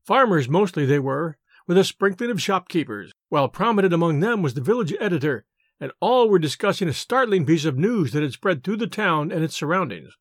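A man reading classic stories aloud in a measured, dramatic narration. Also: a little high, sing-song, no echo, clean studio sound. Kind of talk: scripted story narration.

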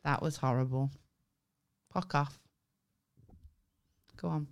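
A woman's voice: low voice, slow pace. A woman co-hosting a casual podcast, bickering playfully and teasing her co-host. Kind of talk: casual banter.

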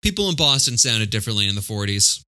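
A man's voice: lowish voice, sing-song, fast talker, sharp tone, dry recording. A man hosting a casual movie-chat podcast, blunt and profane, laughing often. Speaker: podcast host.

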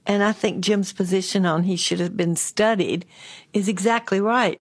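A woman recalling shared memories in a gentle, conversational way. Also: mid-range voice, steady tone, normal speed. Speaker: interviewee. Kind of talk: casual recollection. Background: guitar music.

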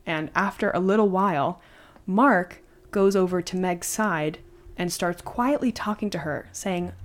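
Podcast host, female, low-ish register, chatty storyteller. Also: measured pace. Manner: conversational, animated retelling with fillers. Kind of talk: casual storytelling.

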